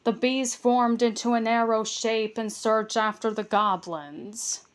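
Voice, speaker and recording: A woman reading a children's book aloud, careful and steady, with small stumbles and restarts. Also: a little high, slow pace. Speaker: storybook reader.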